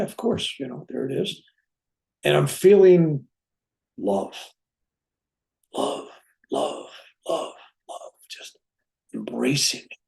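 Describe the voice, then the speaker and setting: A reverend telling a personal spiritual story, acting out what people said along the way. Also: male voice, medium pitch, gravelly. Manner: animated, acts out dialogue in his own voice. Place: room at home with a bookcase.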